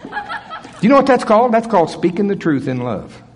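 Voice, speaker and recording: A man preaching a sermon at a church service, animated, swinging from loud bursts to soft asides. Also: high voice, brisk, husky, in a large hall, some chatter behind.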